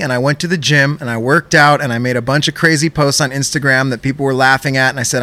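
Animated, profane male podcast co-host. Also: fairly high pitch, fast talker, few pauses, no echo. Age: young adult. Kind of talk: casual podcast storytelling.

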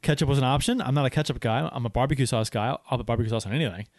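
A man's voice: medium pitch, very fast, dry recording, clean studio sound. A man co-hosting a casual hockey podcast, rambling with many restarts. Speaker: podcast co-host.

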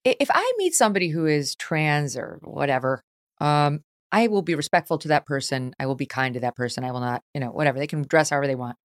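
A woman's voice: sits low, lively intonation, fast, no room sound, clean studio sound. A woman hosting an opinionated talk show, talking animatedly over her guests and laughing often. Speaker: host.

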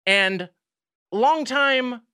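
A man co-hosting a podcast over a video call, easygoing and quick to laugh. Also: very high voice, bright, forceful tone, clear, resonant tone, no room sound, clean studio sound. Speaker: podcast co-host.

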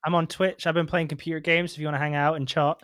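A man's voice: a little high, flat delivery, fast talker, fairly bright tone, no room sound, clean studio sound. A man, co-hosting a podcast, chatting in an upbeat, agreeable way. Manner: upbeat, agreeable, promoting his channels. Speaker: podcast co-host. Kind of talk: casual chat.

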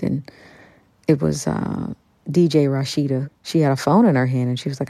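A woman guest on a radio interview tells a story with animated, excited energy. Her voice is mellow and warm, and the recording is close and dry. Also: very deep voice, brisk, vocal fry, dry recording. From Kansas City, Kansas. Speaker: musician and actor, interview guest.

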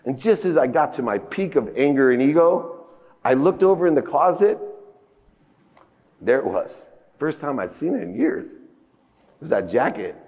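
A man's voice: a little high, very animated, normal speed, long pauses, darkish tone. A man giving a motivational keynote on a conference stage, telling stories emphatically and acting out dialogue with rising outbursts. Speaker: keynote speaker. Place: large conference hall stage. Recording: long reverb of a conference hall.

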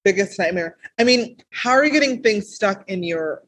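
A woman's voice: medium pitch, lively intonation, normal speed, a bit bright, slight background noise. A woman co-hosting a podcast, chatting casually and reacting expressively. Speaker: guest co-host.

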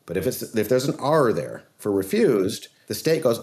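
A man, a trial lawyer guest on a podcast, telling a case story in an earnest, animated way. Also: mid-range voice, normal speed, few pauses.

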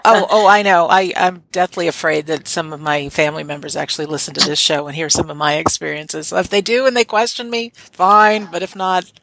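A woman's voice: lowish voice, steady tone, brisk, vocal fry, few pauses, a bit bright, no echo, low-quality recording. A woman hosting an interview who responds sympathetically and affirms her guest's story. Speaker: host. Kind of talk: conversational interview.

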